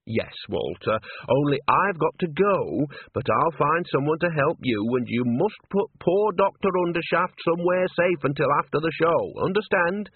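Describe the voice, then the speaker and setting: A man voicing a shrewd, bossy old woman who talks in a brisk, coaxing, no-nonsense way. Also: fairly high pitch, lively intonation, husky, no echo, pitched above the performer's own voice. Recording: tinny phone-like sound.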